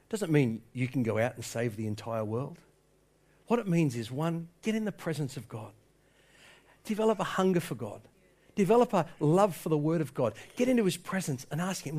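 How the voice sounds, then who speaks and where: High-voiced man preaching with passion. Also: sing-song, normal speed, darkish tone. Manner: impassioned storytelling, quoting people in his tale. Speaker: pastor. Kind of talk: sermon.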